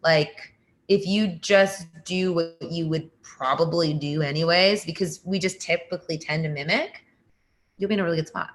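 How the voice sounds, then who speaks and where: A woman's voice: on the low side, normal speed. A woman speaking as a workshop guest, giving advice casually and peppering her talk with "like". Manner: casual, many fillers like "like".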